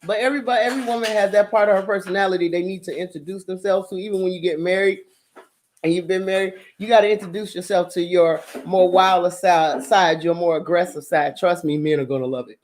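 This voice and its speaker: A woman speaks casually to her viewers as the host of her own show. She gives dating advice in a blunt, animated way, swears freely and often breaks into laughter. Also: lowish voice, fast.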